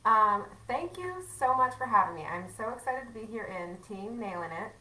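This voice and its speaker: A woman's voice: fairly high pitch, animated, moderate pace, sharp tone, reverberant, recorded from a distance, rough recording. A woman giving a casual livestream training to her team, chatty and self-mocking with many fillers.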